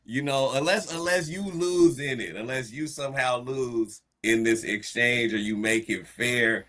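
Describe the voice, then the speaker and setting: A man's voice: mid-range voice, unhurried, sharp tone. A man chatting casually as a podcast host, rambling with many restarts, laughing and acting out quotes. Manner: rambling, stop-start, laughs often, acts out quotes. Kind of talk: casual chat.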